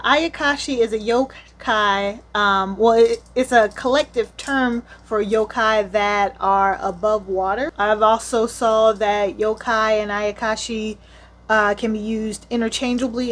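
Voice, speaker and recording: Animated woman retelling a manga. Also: fairly high pitch. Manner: animated, slangy, candid asides. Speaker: manga reviewer. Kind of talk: casual storytelling review.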